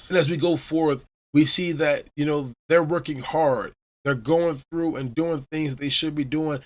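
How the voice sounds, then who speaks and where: A man from Chicago hosting a podcast, casually recapping a manga chapter as an enthusiastic storyteller. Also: on the high side. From Chicago, USA. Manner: enthusiastic storyteller retelling scenes. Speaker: podcast host.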